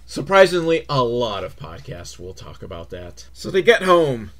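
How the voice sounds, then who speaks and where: A man's voice: medium pitch, big pitch swings, moderate pace, fairly bright tone. Guy doing a snarky movie recap podcast, voice jumps all over, mocking sing-song bits. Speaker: podcast host.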